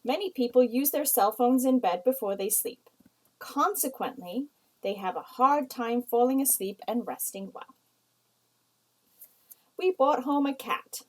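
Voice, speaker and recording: Female writing teacher, a touch high-voiced, patient and explanatory delivery. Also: expressive, rough recording. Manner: slow, explanatory, reads example sentences aloud. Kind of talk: recorded writing lesson.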